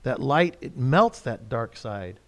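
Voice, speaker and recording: Male host, thoughtful and unhurried, recorded with a lingering hall echo. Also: medium pitch. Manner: reflective, calm, halting. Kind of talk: spiritual discussion. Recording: long hall reverb.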